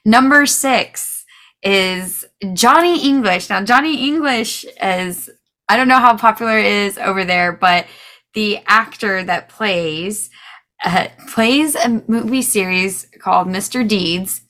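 A woman from the United States chats as a podcast co-host, excitable and exclamatory, often breaking into laughter. Her voice sits in an ordinary middle pitch. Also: slow. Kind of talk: casual chat.

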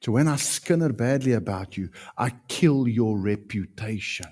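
Animated preacher man. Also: on the low side, moderate pace. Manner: animated, emphatic preaching with sudden loud peaks. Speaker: pastor. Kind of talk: sermon.

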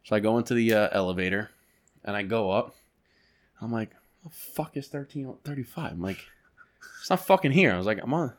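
A man co-hosting a podcast, telling a story in a loose, animated way, swearing freely and acting out his own reactions. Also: fairly low pitch, a little fast, pauses often. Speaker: podcast co-host. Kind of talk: casual storytelling.

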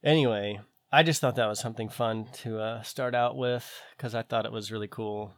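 A man's voice: lowish voice, steady tone, moderate pace, no echo, clean studio sound. A man hosting a casual podcast chat, talking eagerly and sharing strong opinions.

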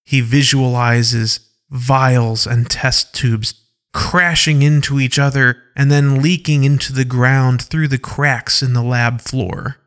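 A man narrating an audio science-fiction story in an even, descriptive way. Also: medium pitch, takes it slowly.

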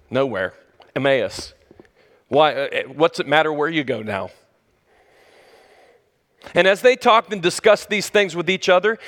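A high-pitched male preacher delivers a sermon in a long-echoing hall. He speaks directly to the congregation, rising to loud, high bursts and then sinking to hushed, low phrases. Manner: dramatic swings between loud high exclamations and low hushed lines; conversational, addresses the listeners directly. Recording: long reverb of a large hall.

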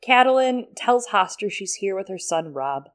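A woman's voice: mid-range voice, sing-song, moderate pace. A woman co-hosting a casual book podcast, summarizing chapters with swearing and frequent laughter. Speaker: podcast co-host.

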